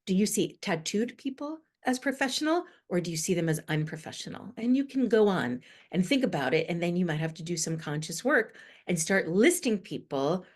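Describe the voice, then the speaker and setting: Here a guest expert on inclusive language, a middle-aged woman from the United States, talks in a lowish, slightly breathy voice at a brisk clip with hardly any pauses. Her podcast interview explanation is earnest and animated, building in emphasis.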